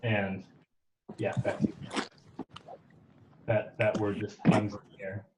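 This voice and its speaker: A man's voice: fairly low pitch, flat delivery, slow, recorded from a distance, very noisy. A man narrating a tabletop game as game master, casual and loose with fillers.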